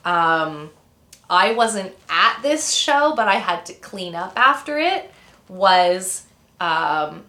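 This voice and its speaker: Speaking slowly in a sing-song way, this Ontario woman in her thirties has a fairly low, bright, forceful voice with a reverberant sound. She's a guest in a casual interview, rambling through stories with lots of fillers and tangents.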